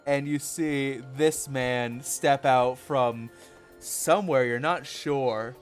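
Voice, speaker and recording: A man narrating a tabletop game as game master in a casual, halting way. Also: mid-range voice, clean tone, faint music behind.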